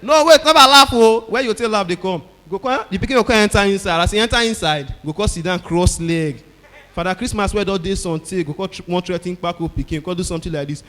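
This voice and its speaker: Animated Nigerian comedian in a reverberant hall. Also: male voice, high-pitched, fast. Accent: Nigerian Pidgin English. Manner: loud animated storytelling, acting out characters. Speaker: stand-up comedian. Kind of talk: stand-up comedy set.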